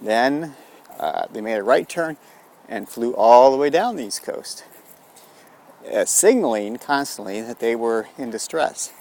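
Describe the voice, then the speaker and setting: A man's voice: medium pitch, lively intonation, unhurried, a little mellow. A man telling a rambling story outdoors, meandering with frequent restarts and fillers. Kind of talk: rambling spoken tale.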